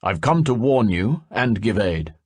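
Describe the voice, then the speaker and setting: A man's voice: on the low side, sing-song, unhurried, husky, no echo, exaggerated voice. A man voicing a grave male elf messenger who brings a warning, in an audiobook.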